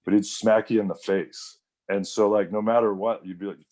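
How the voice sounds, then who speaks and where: A man's voice: lowish voice, little pitch movement, normal speed, warm tone. A man in his thirties, a wrestler guest, telling rambling stories in a casual interview, full of fillers and quoted voices.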